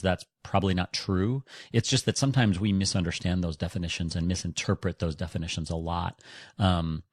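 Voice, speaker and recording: A man with a fairly low voice explains dog training in a conversational podcast. He talks loosely and often restarts his sentences. The sound is dry and close. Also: no room sound. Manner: conversational, frequent restarts and hedges. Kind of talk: instructional podcast talk.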